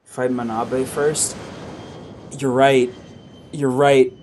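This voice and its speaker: A man streaming a video game in casual commentary, exasperated and swearing, with sudden loud outbursts. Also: medium pitch, little pitch movement, very slow, background noise.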